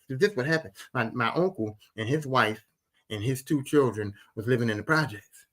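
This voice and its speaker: Philly guy on a podcast, middle aged, bright voice, storytelling and repeating himself for emphasis. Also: medium pitch, normal speed. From Philadelphia. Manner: animated, repetitive, emphatic retelling. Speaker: podcast host. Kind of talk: casual storytelling.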